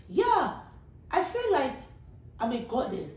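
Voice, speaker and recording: A woman's voice: high voice, very animated, a little slow, echoey room, recorded from a distance, rough recording. A woman podcast host, talking in a casual, rambling monologue and earnestly pleading with her listeners.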